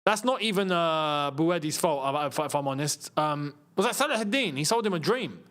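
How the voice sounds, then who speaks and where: Excitable man calling a live match. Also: on the high side. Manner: excitable, rapid-fire name calling, bursts of laughter. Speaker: football watchalong host. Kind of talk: live match commentary and chat.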